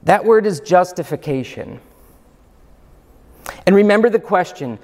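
Male pastor, high pitch, unhurried emphatic sermon delivery, hall reverb. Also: lively intonation, a little mellow. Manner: emphatic, rhetorical questions.

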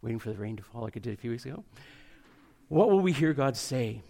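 A man preaching a sermon, earnest, slowing down and speeding up for emphasis. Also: medium pitch, lively intonation, creaky. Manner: earnest, varies pace and loudness for emphasis. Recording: long hall reverb.

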